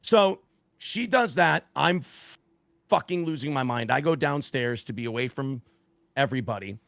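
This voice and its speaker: A man casually telling a profane, animated story on a podcast, acting out quotes. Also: medium pitch, moderate pace, creaky, dry recording. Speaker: guest storyteller.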